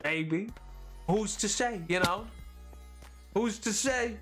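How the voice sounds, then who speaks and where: A man with a high-sitting, slightly bright voice speaks slowly over soft background music while chatting casually on a live gaming stream. He banters playfully with his chat and acts mock-indignant when they tease him.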